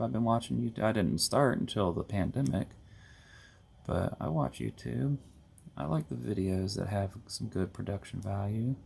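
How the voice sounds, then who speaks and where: Gravelly, low-voiced man chatting casually. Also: darkish tone, a little hiss or hum. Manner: rambling, self-correcting, chatty. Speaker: host of a board gaming channel. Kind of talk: casual hobby tutorial.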